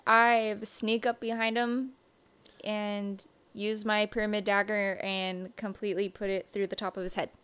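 A woman playing in a tabletop game who describes her character's moves in a quick, playful way. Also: mid-range voice, flat delivery, fairly bright tone, clear, resonant tone. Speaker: player.

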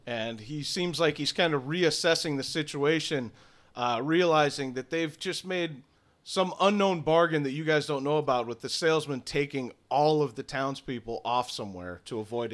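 A man narrating scenes as game master of a tabletop game, steady and descriptive with a few fillers. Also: mid-range voice.

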